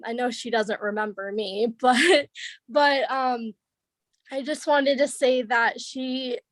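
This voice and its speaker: Young woman, higher pitch, tearful memorial tribute, dry video-call audio. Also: no echo. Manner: halting, many fillers, tearful. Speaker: goddaughter sharing memories.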